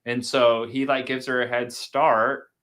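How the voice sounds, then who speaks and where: Profane rambling man, bright voice. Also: medium pitch, flat delivery, measured pace. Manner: profane, rambling movie recap. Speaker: podcast host. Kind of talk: casual chat.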